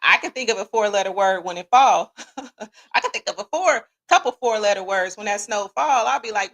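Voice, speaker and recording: A woman's voice: medium pitch, normal speed. A woman with a Midwestern American accent hosting a podcast livestream, joking casually and talking back to viewers in the chat. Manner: lively, joking, talks to the chat. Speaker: podcast host reading live chat.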